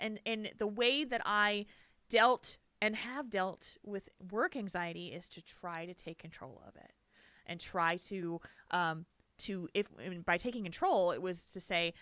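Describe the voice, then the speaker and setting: Bright, expressive woman podcast host. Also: medium pitch, unhurried, smooth, no room sound. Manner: animated, laughs often, emotional storytelling. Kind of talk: casual chat.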